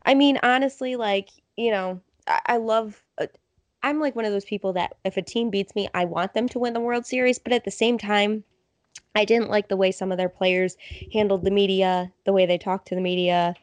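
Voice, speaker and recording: A young woman co-hosts a casual sports chat, telling stories with animated energy and acting out what people said. Her voice sits at a middle pitch, and the recording is dry with no room sound. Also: moderate pace, no echo. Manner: animated storyteller, acts out quotes. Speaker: podcast co-host.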